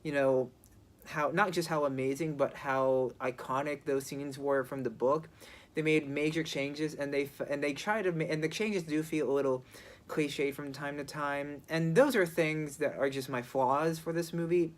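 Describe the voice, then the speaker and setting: A film reviewer talking casually and unscripted, often pausing, restarting sentences and leaning on "you know" fillers. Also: mid-range voice, fairly even intonation. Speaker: movie reviewer. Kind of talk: casual spoken movie review.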